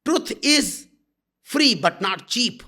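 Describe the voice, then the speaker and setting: A man's voice: very high-pitched, animated, slow, bright, forceful tone. A man giving a satsang talk as a spiritual teacher, blunt and intimate, calling listeners "my love".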